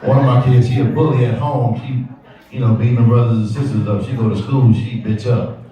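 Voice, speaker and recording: A man doing a stand-up comedy set, telling stories in a lively way and jumping loudly into quoted lines. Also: medium pitch, brisk, dull audio. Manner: animated storytelling, loud jumps for quoted bits, frequent "you know what I'm saying". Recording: roomy live club sound, mic heard from a distance. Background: audience laughter and crowd noise.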